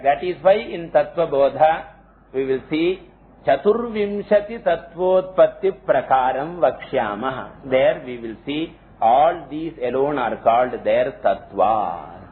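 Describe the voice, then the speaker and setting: A man giving a scriptural lecture, explaining slowly and chanting Sanskrit terms. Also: on the high side. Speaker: teacher of scripture. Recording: tinny phone-like lo-fi audio, faint hiss.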